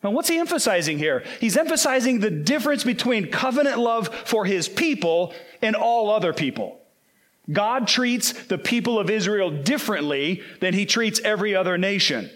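A man preaching a sermon, earnest and emphatic, slowing down to quote scripture. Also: high-pitched, expressive, a bit bright.

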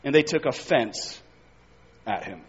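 A man's voice: mid-range voice, animated, measured pace, husky. A man preaching a sermon, reading scripture aloud and pressing his points with emphatic rises. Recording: dull sound with long hall reverb.

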